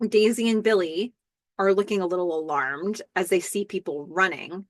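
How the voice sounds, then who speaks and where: A woman hosting a podcast, recapping a TV episode in a casual, animated way and reading the characters' lines aloud in playful voices. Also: on the low side, no echo, clean studio sound.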